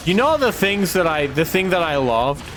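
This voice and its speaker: A man's voice: a little high, very animated, normal speed, a bit bright, a little hiss or hum. A male streamer chatting casually while he plays, rambling and swearing through his stories. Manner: rambling, profane storytelling. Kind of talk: casual chat while gaming.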